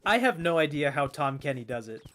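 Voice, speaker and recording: A hoarse man in his twenties chatting casually while playing a game, rambling with stammered restarts and frequent swearing. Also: on the high side, sing-song, brisk, fairly bright tone. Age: 20s. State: hoarse, strained voice. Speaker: gaming streamer.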